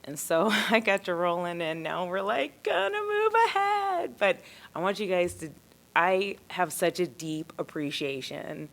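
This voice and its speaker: A woman's voice: fairly low pitch, a little slow, fairly bright tone. A woman, a city commissioner, giving tearful, emotional thanks at a public meeting. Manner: emotional, apologetic. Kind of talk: public meeting farewell remarks.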